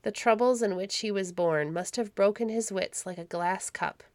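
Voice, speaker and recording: A woman's voice: mid-range voice, moderate pace, darkish tone, no echo, natural voice. A woman reading aloud, voicing a kindly old male monk in a storybook with a fond, doting manner. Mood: fondly amused.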